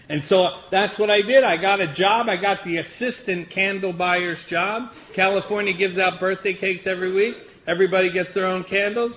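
Guy sharing his story, dry self-mocking humor, slightly high voice, kinda muffled lo-fi sound. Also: a little hiss or hum. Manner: wry, self-deprecating, laughs through the funny parts. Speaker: speaker sharing a recovery story. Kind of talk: personal storytelling talk.

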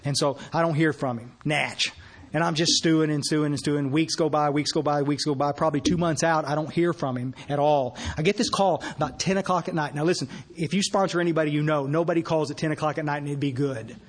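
A man's voice: a little high, steady tone, fast. A man with a slightly raised voice tells a folksy story at a recovery meeting. He speaks in a plain, conversational way, restarting often and acting out bits of dialogue as he goes. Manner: acts out quoted dialogue. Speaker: sponsor sharing his story.

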